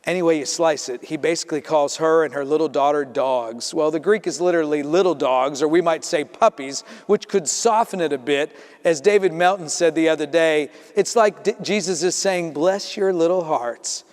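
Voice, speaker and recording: A man preaching a sermon as pastor, telling the story in a lively way and acting out the voices in it. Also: fairly high pitch, moderate pace, few pauses. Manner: storytelling, acts out voices in quotes. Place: church sanctuary. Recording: reverberant church sanctuary.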